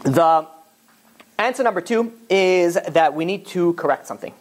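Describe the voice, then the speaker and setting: A rabbi giving a Torah class, telling stories in an animated, casual way full of fillers. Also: male voice, sits high, normal speed. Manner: animated storytelling, casual filler-heavy talk. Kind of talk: Torah class lecture with storytelling.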